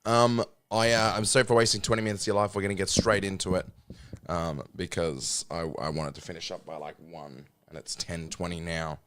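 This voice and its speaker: A man's voice: low-pitched, level tone, fairly quick, a bit bright, clear, resonant tone. A man streaming a game, chatting casually in a rambling, crude, jokey way.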